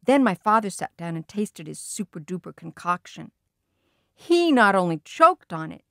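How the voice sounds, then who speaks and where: A woman's voice: fairly low pitch, moderate pace, gravelly, dry recording, clean studio sound. Woman reading a children's story aloud. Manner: lively, expressive reading. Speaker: audiobook reader. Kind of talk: storybook narration.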